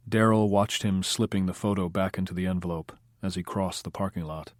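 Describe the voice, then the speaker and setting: A man narrating a crime audiobook in a steady, understated way. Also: low-pitched, brisk, hardly any pauses, dry recording, clean studio sound. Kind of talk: scripted narration.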